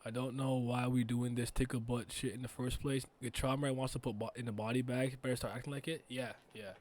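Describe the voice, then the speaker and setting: A man giving a casual reaction commentary as a streamer, laughing and swearing with loud frustrated outbursts. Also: mid-range voice, little pitch movement, brisk. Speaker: streamer reacting to an anime episode.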